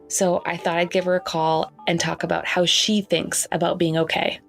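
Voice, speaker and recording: A Canadian woman hosts a podcast, reading a gentle, wry introduction in a low, gravelly voice. Her recording is a makeshift one made away from the usual studio, with faint music playing underneath. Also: level tone, normal speed, few pauses. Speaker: podcast host. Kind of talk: scripted narration. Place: makeshift home setup outside the studio.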